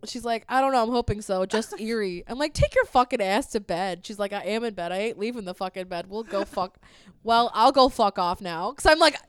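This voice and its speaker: A woman's voice: medium pitch, a little fast, clean tone, no echo. A woman telling a long, profanity-laced story in casual chat, laughing often as she recounts a text exchange.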